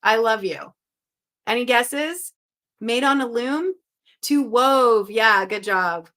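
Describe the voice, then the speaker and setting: A young woman hosts a live stream in a chatty, upbeat way, calling out viewers' guesses as they come in. Her voice sits a little high and sounds sharp and bright. She is from Western Canada. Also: slow. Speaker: live-stream puzzle host. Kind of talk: casual live-stream chat.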